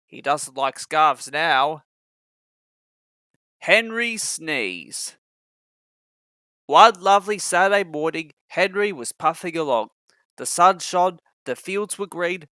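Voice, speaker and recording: A man reading a children's storybook aloud, expressive and acting out every character. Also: fairly high pitch, no echo. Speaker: narrator.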